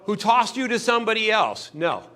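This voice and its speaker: A man's voice: high voice, moderate pace. A man giving a motivational sales training talk, acting out customers and salespeople in little scenes. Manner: animated, acts out customers' voices in little scenes.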